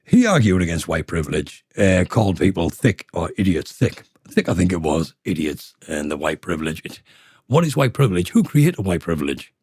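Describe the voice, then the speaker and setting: A working-class man ranting with a blunt, swearing edge. His pitch swings widely, and his voice is dark and a little husky. The sound is close and dry, with no room echo. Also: sing-song, moderate pace. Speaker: vlogger. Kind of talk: ranting monologue.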